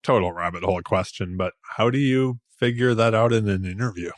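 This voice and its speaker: A man's voice: on the low side, fairly quick, dry recording, clean studio sound. A man hosting a podcast, asking loose, rambling questions full of fillers. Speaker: podcast host. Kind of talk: conversational interview.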